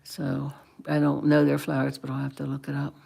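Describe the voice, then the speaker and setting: A woman's voice: low-pitched, completely flat delivery, fairly quick, vocal fry, warm tone, husky. A woman in her sixties chatting casually to viewers on a livestream, rambling and chatty, full of fillers and restarts. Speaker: livestream host.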